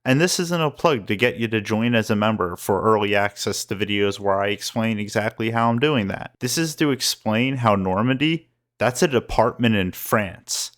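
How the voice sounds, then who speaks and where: A man's voice: lowish voice, normal speed, hardly any pauses, a bit bright. A man reading scripted voice-over commentary in a dry, sarcastic way. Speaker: commentary channel host.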